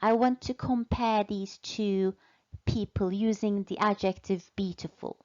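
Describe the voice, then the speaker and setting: A woman gives an English lesson at a very slow, careful pace, pausing often and repeating words for her learners. Her voice sits at a middle pitch, and the recording sounds a little dull and lo-fi. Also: darkish tone. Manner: patient, repeats and stretches key words. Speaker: English teacher. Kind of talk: slow, deliberate language lesson.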